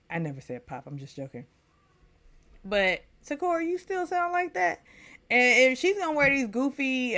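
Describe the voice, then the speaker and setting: A woman's voice: lowish voice, a bit bright. A woman from Texas giving an opinionated, casual recap of a reality show as a vlogger. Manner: opinionated, chatty, mocks people in quoted voices.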